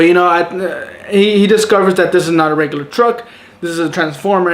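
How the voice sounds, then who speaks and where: A man with a notably high voice talks through a film's plot in a loose, unscripted review. He rambles with plenty of ums and you-knows. He turns sarcastic and exasperated about the characters he dislikes. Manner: rambling, filler-heavy, sarcastic, breaks into exasperated outbursts. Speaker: movie reviewer. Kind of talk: casual spoken review.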